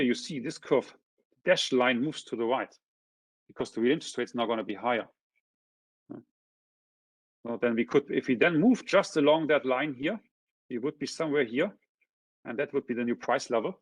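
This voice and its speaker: Male economist, seminar lecture, husky tone, dry sound, keeps checking in with listeners. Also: medium pitch, animated, moderate pace, long pauses, no room sound. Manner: checks in with frequent tag questions; points through a figure step by step. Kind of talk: academic lecture explaining graphs.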